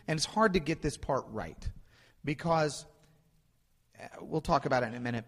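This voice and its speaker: A man's voice: fairly high pitch, lively intonation, moderate pace. A male pastor giving a sermon in a conversational way, building emphasis through repeated phrases. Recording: long hall reverb.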